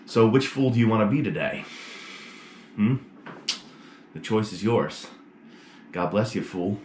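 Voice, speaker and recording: A man, a priest, giving a short casual sermon and telling a joke in an animated way, with a camera propped on a mug. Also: lowish voice, unhurried, a little hiss or hum. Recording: roomy echo with faint ambience.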